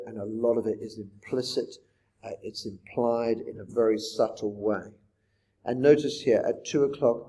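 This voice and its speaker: A man's voice: medium pitch, warm tone. A man teaching a poetry lesson in a reflective manner, often putting rhetorical questions to his listeners. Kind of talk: poetry lecture.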